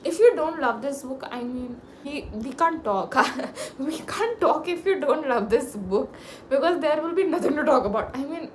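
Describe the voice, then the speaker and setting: Excitable young woman gushing. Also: moderate pace, slight background noise. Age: young adult. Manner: gushing and excitable, big pitch jumps, laughs often. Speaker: book vlogger. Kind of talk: casual book review chat.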